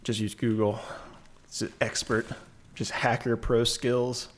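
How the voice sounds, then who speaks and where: A man's voice: medium pitch, little pitch movement, unhurried. Game streamer, male, casual rambling chat, stray self-corrections, desk mic on a shock mount, faint hiss and keyboard clicks. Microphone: desk microphone on a shock mount.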